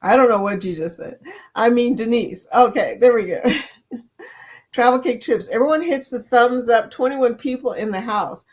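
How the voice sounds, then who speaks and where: A woman's voice: fairly high pitch, moderate pace. A woman in her fifties hosting a casual live chat, reading viewer comments aloud, laughing often and playful. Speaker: livestream host.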